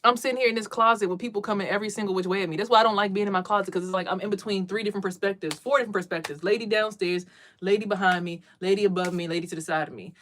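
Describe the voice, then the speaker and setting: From a small closet, a woman hosts a casual livestream doing card readings, speaking very fast at a medium pitch with fairly even intonation. She's emphatic and preachy, repeats her words often and mimics others in loud bursts.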